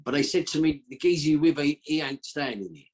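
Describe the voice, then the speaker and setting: A man's voice: a little high, animated, fast talker, darkish tone. A man telling a long story as a podcast guest, rambling and slangy, with a streetwise way of talking. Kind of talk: casual storytelling.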